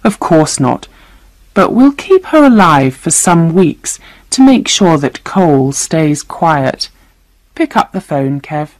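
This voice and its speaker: Storybook villain: a soft-voiced, cruel woman, voiced by a woman reader, low and slow. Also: lively intonation, no echo. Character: soft-spoken, cruel female terrorist.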